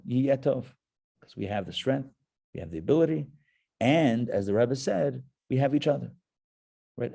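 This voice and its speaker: Casual, animated man teaching a class. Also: medium pitch, creaky. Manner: casual, self-interrupting, joking asides; storytelling with emphatic swells. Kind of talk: live Torah class talk.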